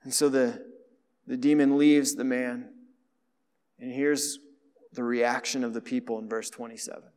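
A man preaching a sermon in a conversational way that swings between hushed, quiet passages and emphatic ones. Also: medium pitch, level tone, unhurried, long pauses, clean tone, long reverb tail.

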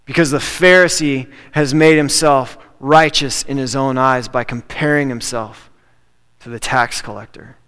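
A man's voice: mid-range voice, steady tone, a little slow, fairly bright tone, clear, resonant tone. A man preaching a sermon as a pastor, in a conversational way that repeats key phrases for emphasis. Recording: long reverb of a large hall.

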